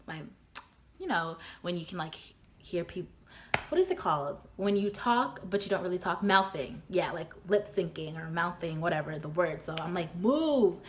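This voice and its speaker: A young adult woman telling a storytime vlog, chatty and full of fillers, her voice jumping high when she quotes her own disbelief. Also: a little hiss or hum. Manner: chatty, filler-heavy, often laughing. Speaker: vlogger. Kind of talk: storytime retelling.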